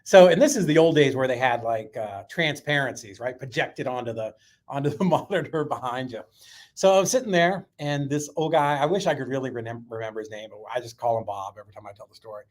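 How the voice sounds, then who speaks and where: Animated, swearing male storyteller. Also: medium pitch, a little fast. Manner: animated, profane, filler-heavy storytelling. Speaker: guest. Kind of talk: storytelling in a podcast interview.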